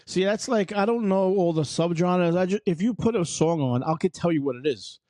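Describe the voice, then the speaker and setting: A man's voice: sits high, fairly quick, darkish tone, dry recording, studio quality. A man hosting a podcast in casual chat, blunt, laid-back and profane. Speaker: podcast host.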